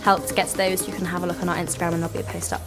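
A woman co-hosting a podcast, giving practical advice in a brisk, casual way. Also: fairly low pitch, level tone, over loud music. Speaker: podcast co-host. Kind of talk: casual chat.

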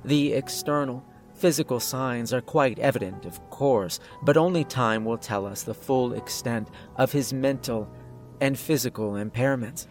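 Sinister polite doctor, cool and measured, read by a male narrator. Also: medium pitch, soft background music, close to an everyday voice. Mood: coldly polite. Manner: polite, measured, clinically detached. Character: calm menacing older male doctor, clinical.

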